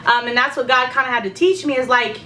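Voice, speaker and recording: A woman's voice: high voice, fast, pushed and bright, distant mic, a little hiss or hum. A young woman with heartburn chatting candidly through a pregnancy update, full of fillers and talk of faith. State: heartburn, secretly burping. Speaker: vlogger. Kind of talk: casual pregnancy update chat.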